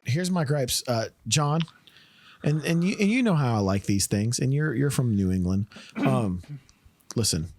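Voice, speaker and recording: Animated, swearing podcast host, man. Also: medium pitch, measured pace. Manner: animated, profane storyteller who laughs often. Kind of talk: casual chat.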